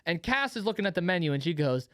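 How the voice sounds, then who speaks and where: A man's voice: high-pitched, fast talker, clear, resonant tone, no echo, studio quality. A young man in his twenties co-hosting a podcast, telling a story in casual chat and acting out the people in it. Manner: animated storyteller acting out quotes. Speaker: podcast co-host.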